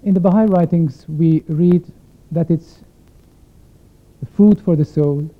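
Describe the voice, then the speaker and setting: A man's voice: fairly high pitch, slow pace. Man with a thin phone-like sound. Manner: reflective, explanatory, poses questions to the audience. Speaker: concert violinist addressing the audience. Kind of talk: spoken introduction at a concert. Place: concert stage before a live audience.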